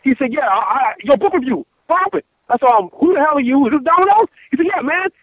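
A man, calling in by phone and telling a long story in a casual, animated way, full of repeats and restarts. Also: very high-pitched, fast talker, no room sound. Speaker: caller. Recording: tinny phone line, dry.

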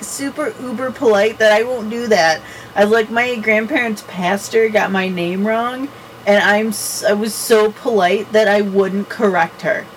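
A young woman co-hosting a podcast, telling stories in a chatty, giggly, animated way. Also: mid-range voice, far from the mic, a little hiss or hum, poor audio. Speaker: podcast co-host. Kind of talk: casual chat.

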